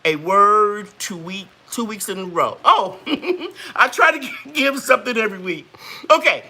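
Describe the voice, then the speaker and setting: A woman's voice: mid-range voice, lively intonation, moderate pace, pushed and bright, slightly rough. A woman hosting a live gardening chat, folksy and chatty, greeting viewers and laughing often. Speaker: gardening channel host.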